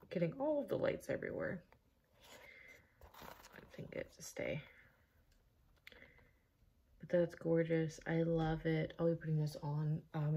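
A young woman vlogging an unboxing in casual chat, gushing and excitable, sometimes dropping to a whisper. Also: sits low. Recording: roomy echo, faint noise.

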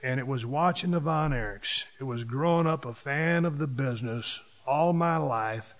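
A man's voice: medium pitch, moderate pace. Emphatic man in his fifties. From Texas. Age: 50s. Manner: emphatic, punches key words with sudden louder swells. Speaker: podcast host. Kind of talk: casual storytelling monologue.

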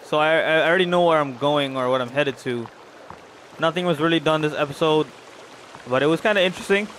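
A man's voice: on the high side, fairly quick, fairly bright tone, slight background noise. A young man casually commenting while he plays a video game, rambling to his viewers and to the characters on screen. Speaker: gaming channel host. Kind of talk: casual let's-play commentary.

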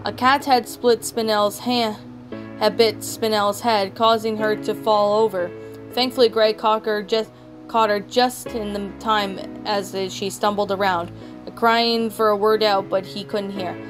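A woman's voice: medium pitch, steady tone, a little slow. Woman reading a story over music. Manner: stumbling reading with frequent restarts. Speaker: story narrator. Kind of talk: reading fan fiction aloud. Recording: background music throughout.

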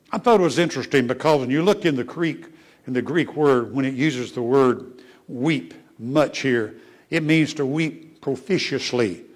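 In a church sanctuary, a pastor preaches at medium pitch and a moderate pace, swinging between emphatic rises and hushed asides. He asks his congregation questions as he goes.

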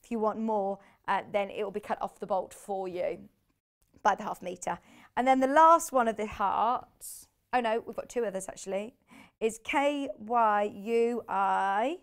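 A woman's voice: medium pitch, unhurried. A woman presenting live on a shopping channel from a TV studio, chatty and bubbly, laughing easily as she shows fabrics. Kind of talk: live TV product selling.

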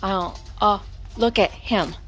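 In an indoor antique mall full of booths, a woman vlogs her thrift hunt with faint store music in the background. Her mid-range voice is fairly bright and her pace measured as she chats casually, talks to the items, and drops into whispered asides.

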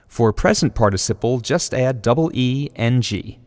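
A man reads a scripted explanatory narration at an unhurried, measured pace, pronouncing each example word slowly and carefully. His voice carries a long, lingering reverb. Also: mid-range voice, lively intonation. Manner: slow, deliberate word-by-word pronunciation. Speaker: video essay narrator.

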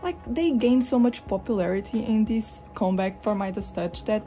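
A young woman from Europe chatting casually at home while showing her collection, rambling and expressive, slipping into animated retellings. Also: medium pitch, moderate pace, hardly any pauses, soft background music. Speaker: vlogger. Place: hot room at home with a fan running.

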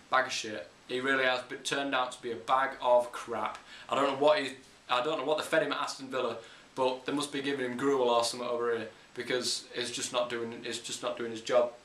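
A man's voice: a little high, pushed and bright. A young English man ranting bluntly about football, sweary and opinionated. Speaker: football vlogger. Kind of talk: casual ranting monologue. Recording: echoey room.

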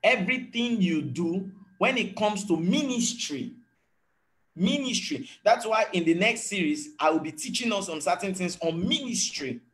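A man's voice: sits high, animated, normal speed, fairly bright tone. A man, preaching a sermon as a pastor in an earnest teaching tone and acting out voices of people he quotes. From Nigeria.

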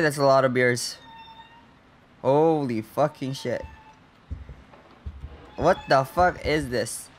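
A young man commentating his way through a horror game with a slightly high voice. He talks slowly and jumpily to himself, swears nonstop, and yelps when something scares him. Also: a bit bright. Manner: jumpy, swears constantly, nervous self-talk. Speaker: gaming channel host.

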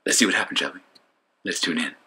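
A man's voice: low-pitched, quick pace, pushed and bright, breathy edge. A man giving casual voice-over commentary for his disc golf vlog, joking and mocking himself as he rambles with fillers.

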